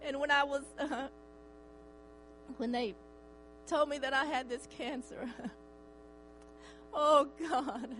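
A woman's voice: high voice, steady tone, slow pace, pauses often, a bit bright, faint music behind, poor audio. An older woman giving an emotional church testimony, fervent and tearful, often breaking into cries of praise.

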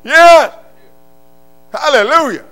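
An older man preaching a sermon, moving from quiet murmured storytelling to loud, impassioned shouts. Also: very high-pitched, animated, takes it slowly, vocal fry. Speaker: pastor.

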